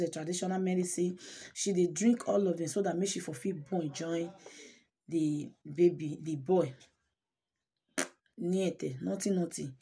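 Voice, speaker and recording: Husky Nigerian woman telling a story. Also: lowish voice, mellow. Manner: emotive, repeats words for emphasis, mixes Pidgin and English. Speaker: channel host. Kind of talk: casual storytelling vlog.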